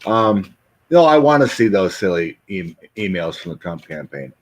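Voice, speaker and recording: Low husky-voiced man rambling. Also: moderate pace. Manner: rambling, animated, mocking impressions. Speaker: host. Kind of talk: casual chat with tarot reading.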